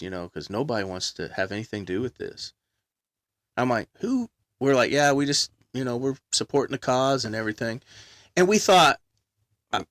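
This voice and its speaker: A man telling a long story in casual chat, loud and animated, belting out quoted songs. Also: medium pitch, no room sound.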